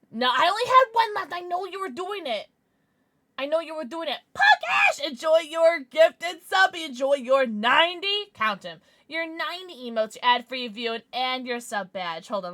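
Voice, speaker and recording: Woman, livestreamer, giggly and excitable, lively swooping pitch, bright tone. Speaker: livestreamer thanking subscribers. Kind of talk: casual livestream chat.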